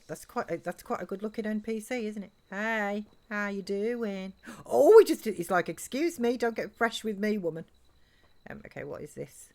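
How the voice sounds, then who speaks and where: A woman's voice: fairly low pitch, mellow. Giggly woman streaming a game. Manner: chatty, giggly, reads chat aloud. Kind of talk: live let's-play chat.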